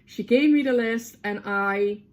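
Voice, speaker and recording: A woman book vlogger talking casually to her camera, excitable and swearing freely between fillers. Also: a little high, measured pace. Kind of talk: casual chatty vlog to camera. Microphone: camera mic.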